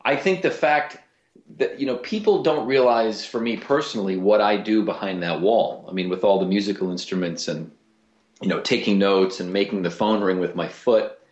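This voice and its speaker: A man, a voice actor and comedian, telling stories in a casual interview with lively restarts. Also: on the low side, normal speed, roomy sound, dull audio. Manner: animated storyteller, lots of restarts.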